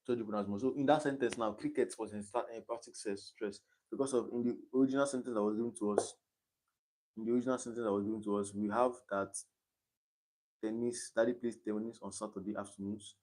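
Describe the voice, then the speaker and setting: A young man in his late teens with a Nigerian accent, casually talking through exam questions on a livestream, reading the options aloud and thinking out loud. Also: fairly low pitch, fairly even intonation, fast. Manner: thinks aloud, reading quiz options aloud and chatting between them. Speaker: exam candidate streaming his study session.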